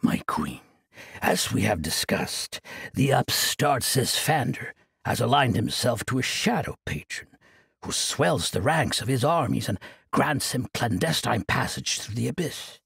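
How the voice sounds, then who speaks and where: A man voicing a proud, menacing male ice demon lord in an audiobook, with a deep, gravelly voice. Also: sing-song, measured pace, a bit bright, dry recording, studio quality, full character voice. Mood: grim.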